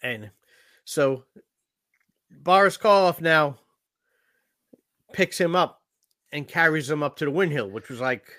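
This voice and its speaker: A man's voice: on the high side, slow pace, long pauses, bright, forceful tone, dry recording. A man in a casual podcast chat about a film, blunt and swearing freely. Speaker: podcast co-host. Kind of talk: casual movie discussion.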